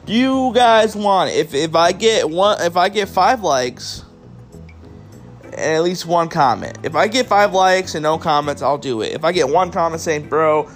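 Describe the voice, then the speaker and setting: A man's voice: on the high side, moderate pace, faint music behind. Tired, rambling male podcast host. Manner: casual, rambling, swears, addresses listeners as guys. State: tired, yawning. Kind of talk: solo wrestling review podcast.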